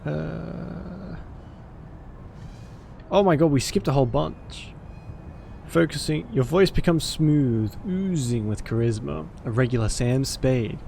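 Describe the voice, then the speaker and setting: A man's voice: fairly high pitch, takes it slowly, gravelly, warm tone, slight background noise. A man streaming a story game, reading its narration aloud with dramatic flair and breaking off for cursing asides.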